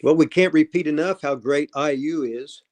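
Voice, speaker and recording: A man in his seventies hosting a casual livestream, talking in a rambling, gruff way that trails off and restarts. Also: a little high, moderate pace, a little mellow. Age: 70s. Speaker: host.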